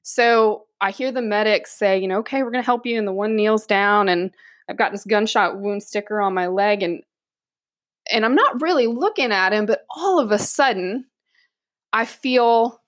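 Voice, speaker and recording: Her medium-pitched voice moves at a measured pace, with no echo, as this woman police officer shares an amusing work story in casual conversation. Animated throughout, she laughs a lot and imitates the voices of those she quotes.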